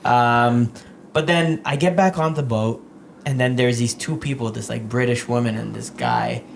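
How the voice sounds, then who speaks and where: A man's voice: mid-range voice, steady tone, normal speed, creaky, noisy background. A young man hosting a podcast, telling rambling stories in casual chat and laughing often. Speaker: podcast host.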